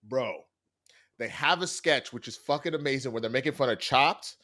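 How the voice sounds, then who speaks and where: A man's voice: medium pitch, moderate pace. A man casually recapping a TV episode, acting out the characters' lines as he tells it. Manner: animated retelling with quoted character lines and laughs. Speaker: TV critic.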